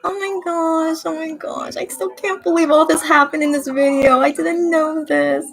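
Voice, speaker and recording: A woman's voice: high voice, fairly even intonation, normal speed, creaky. A young woman hosting a casual livestream, chatting emotionally and reading viewer comments aloud. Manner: gushing, emotional, chatty, reads out chat comments. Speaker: livestream host reacting with fans. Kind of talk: casual watch-party livestream.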